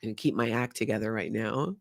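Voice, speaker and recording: A woman's voice: a bass voice, a little fast, gravelly, dry recording, studio quality. Chatty older woman hosting a livestream. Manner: chatty, laughs often, reads viewer comments aloud. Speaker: livestream host. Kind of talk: casual livestream chat.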